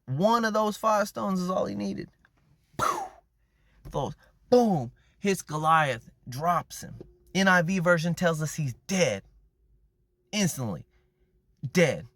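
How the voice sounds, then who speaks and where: A man with a notably high voice preaches in an easygoing, conversational way, dropping slang as he retells a story. The sound is dry and close, with no room echo. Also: fairly bright tone. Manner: conversational, slangy, acts out quoted characters. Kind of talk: casual sermon retelling a Bible story.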